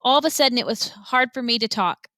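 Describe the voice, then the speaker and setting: A woman reading a children's novel aloud with lively, expressive storytelling. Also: on the high side, quick pace, dry recording. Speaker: reader.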